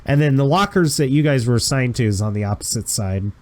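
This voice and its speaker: Guy running a tabletop game, laid-back descriptive narrating, middle pitch. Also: lively intonation, quick pace. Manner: casual, descriptive, chuckling asides. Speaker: game master.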